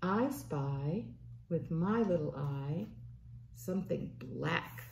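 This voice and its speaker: A woman, a children's librarian, leading a slow, playful storytime for babies and toddlers and asking the little ones questions. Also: low voice, expressive, gravelly, a little mellow, a little hiss or hum. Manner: sing-song, slow, playful, asks little listeners questions.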